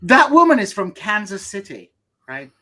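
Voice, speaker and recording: A man's voice: high-pitched, sing-song, moderate pace, bright, forceful tone. A man hosting a podcast, chatting loosely with bantering, stammering restarts. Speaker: podcast host. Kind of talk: casual podcast chat.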